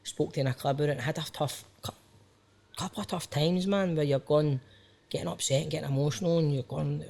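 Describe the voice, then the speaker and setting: A man's voice: on the high side, steady tone, quick pace, creaky, a little mellow. A Scottish man in his thirties talks openly as a podcast guest. His delivery is loose and rambling, full of self-questioning asides and casual "aye"s. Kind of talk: candid casual conversation.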